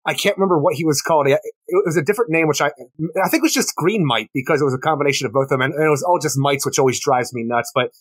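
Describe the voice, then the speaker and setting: A man's voice: a little high, breathy edge, no echo. A man co-hosting a comics podcast, recapping the plot and pushing back in casual chat. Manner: fast, wry, argues back and recaps the plot.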